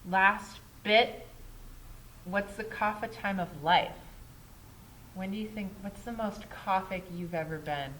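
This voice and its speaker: A woman's voice: medium pitch, takes it slowly, long pauses, a bit bright, slight background noise, rough recording. Chatty woman teaching a yoga class. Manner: chatty, often asks "right?", laughs at herself. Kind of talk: casual classroom lecture.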